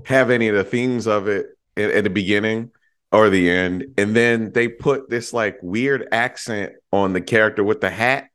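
A man talking casually and excitedly about a favorite movie on a podcast, with some swearing. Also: on the low side, moderate pace, smooth. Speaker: podcast co-host. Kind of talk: casual film discussion.

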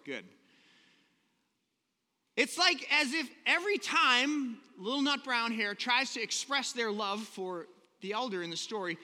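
Pastor guy preaching casual, bright sharp voice, big echoey church hall. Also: sits high. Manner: informal, self-correcting, talks to the congregation. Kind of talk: conversational sermon. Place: church sanctuary. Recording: long reverb in a church hall.

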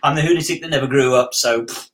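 A man's voice: mid-range voice, fast talker, a bit bright. A man co-hosting a live-streamed chat show, playful and self-mocking, humming a little tune. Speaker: co-host.

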